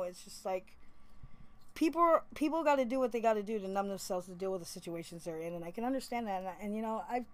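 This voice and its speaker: A woman guest telling her own story in a casual interview, animated, laughing often and swearing as she acts out what people said. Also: mid-range voice. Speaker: guest, former anchor-out resident.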